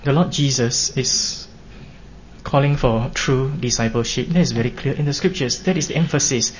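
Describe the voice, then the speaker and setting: A man preaching a sermon in an earnest, measured way, pressing his points with emphatic rises. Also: mid-range voice. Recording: dull lo-fi recording with faint hiss.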